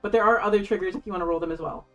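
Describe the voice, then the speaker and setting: Woman game master, excitable and casual, faint music underneath. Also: mid-range voice, very fast. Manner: excitable, casual, swears freely. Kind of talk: running a tabletop game on a stream.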